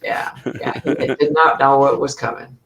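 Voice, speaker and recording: Lively woman telling set stories. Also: extremely low pitch, moderate pace, recorded from a distance, a crowd in the background, poor audio. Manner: animated anecdotes, acts out voices in quotes. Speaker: guest actress. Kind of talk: storytelling in an interview.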